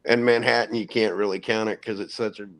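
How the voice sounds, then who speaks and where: A man's voice: fairly low pitch, fairly even intonation, fast, fairly bright tone. A man with a Midwestern accent chatting eagerly on a video call about dialects and keepsakes. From Midwest, Indianapolis. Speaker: stream guest. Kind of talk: casual chat.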